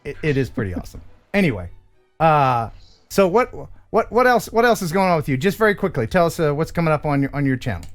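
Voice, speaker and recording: A man's voice: on the high side, very animated, fast, soft background music. A man hosting a live-stream chat, laughing often and talking in a loose, chatty way. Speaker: host.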